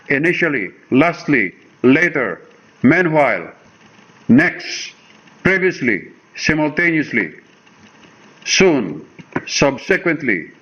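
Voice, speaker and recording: A man's voice: on the high side, pushed and bright, lo-fi sound. A man with a Filipino accent teaching an English grammar lesson, switching between English and Tagalog, reading word lists one at a time and checking in with "okay" and "all right.".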